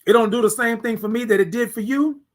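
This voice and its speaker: Casting note: male host with a high voice, motivational morning livestream, repetitive and preachy. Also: quick pace. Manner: reads out viewer comments, preachy and repetitive; swings between soft hushed words and loud emphatic bursts.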